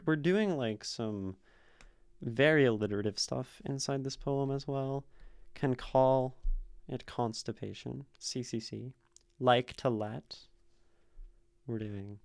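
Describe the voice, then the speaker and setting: A man's voice: medium pitch, gravelly. A man streamer talking through a poem's rhyme and meter, thinking aloud and reading lines back to himself. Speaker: streamer analyzing poetry. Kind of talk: casual poetry analysis on a live stream. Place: streaming room.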